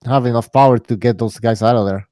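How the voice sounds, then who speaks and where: A man's voice: medium pitch, fairly even intonation, quick pace, warm tone, dry recording, studio quality. A crude, joking man. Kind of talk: casual chat.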